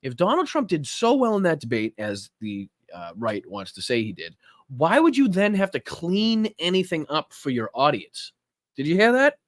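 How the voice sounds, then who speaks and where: A man's voice: fairly high pitch, wildly swooping pitch, moderate pace, no echo, clean studio sound. A man hosting a political podcast in casual commentary, profane and incredulous, cutting into clips to react. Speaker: podcast host.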